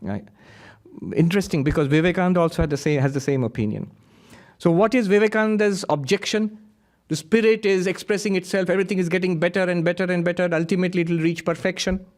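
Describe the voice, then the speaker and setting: A man who is a monk, giving a lively spiritual lecture full of anecdotes and frequent laughter. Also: high voice, a little fast. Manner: animated storyteller who laughs often.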